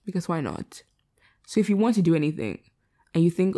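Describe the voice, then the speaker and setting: A woman's voice: lowish voice, animated, fast talker, warm tone. A young woman hosting her own podcast, chatting candidly and rambling at midnight, tired. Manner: rambling, candid, self-deprecating. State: tired late at night. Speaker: podcast host. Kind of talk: casual solo podcast chat. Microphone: laptop setup.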